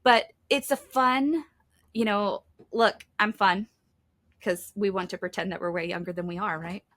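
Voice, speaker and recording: A woman's voice: on the low side, fairly even intonation, normal speed, a bit bright. A middle-aged woman hosting a children's ministry podcast, chatting casually and with enthusiasm as she recommends favorite products, full of asides and fillers. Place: home, in Kentucky.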